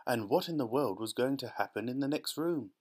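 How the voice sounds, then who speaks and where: A man narrates a children's storybook aloud, reading steadily with plenty of expression. His pitch sits in a middle range for a man. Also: animated, fairly quick, breathy edge. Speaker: audiobook narrator.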